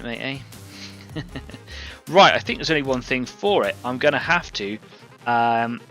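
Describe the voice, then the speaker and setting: A man's voice: mid-range voice, sharp tone. A man hosting a live painting stream, talking casually and rambling as he works and greets viewers from the chat.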